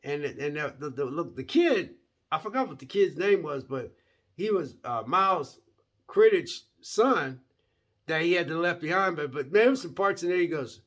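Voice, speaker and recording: Animated, rambling man reviewing a movie. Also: fairly high pitch, normal speed. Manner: rambling, repeats words, says "man" often; folksy, animated. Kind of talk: casual movie review chat.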